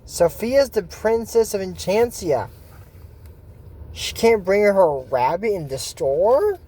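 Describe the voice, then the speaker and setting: Man, casual cartoon recap host, sarcastic and rambling, lively up-and-down delivery. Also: high voice, slow pace, husky. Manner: rambling, sarcastic, acts out lines. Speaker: video host. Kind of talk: casual episode recap with commentary.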